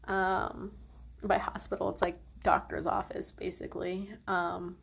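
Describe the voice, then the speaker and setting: Young woman vlogging, rambly storytime, lots of likes and ums, creaky voice. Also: medium pitch, flat delivery, measured pace. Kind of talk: casual storytelling to camera.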